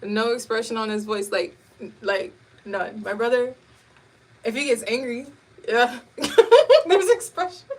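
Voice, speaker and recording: A woman hosting a casual live chat, telling stories in an animated way and laughing often. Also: a little high, a little slow, long pauses. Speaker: host. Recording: distant mic with faint background noise.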